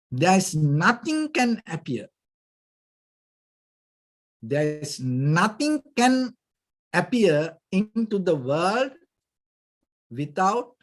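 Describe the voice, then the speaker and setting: A Buddhist monk teaching meditation gives a dhamma talk in a fairly high voice. He speaks haltingly, searching for words and often saying "you know," explaining things gently and patiently.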